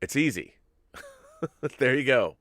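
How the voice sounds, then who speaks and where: A man hosts a casual live-stream chat in a loose, rambling way, cutting himself off and restarting. He sounds a little giddy and loopy, with a middle-pitched voice. The sound is dry and close. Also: takes it slowly, no room sound. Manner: rambling and animated, self-interrupting. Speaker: show host.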